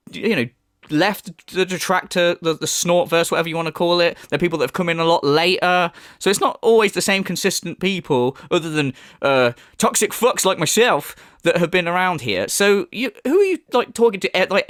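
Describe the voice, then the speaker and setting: A man's voice: high voice, expressive, brisk, fairly bright tone, dry recording, studio quality. A man giving a profane, mocking rant as a commentary YouTuber. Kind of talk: ranting reaction commentary.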